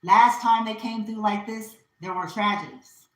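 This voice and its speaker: A woman reads for her viewers in a casual vlog rant, swearing often and hammering her points with repetition. Her voice sits at an ordinary pitch. The room around her echoes. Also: measured pace. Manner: profane, emphatic, repetitive. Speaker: spiritual reader. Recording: roomy echo.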